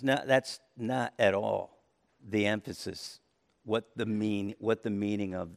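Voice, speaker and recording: A man's voice: medium pitch, steady tone, slow, vocal fry, a bit bright. A man preaching a sermon, teaching with emphasis and repeating key phrases. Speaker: pastor. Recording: reverberant hall.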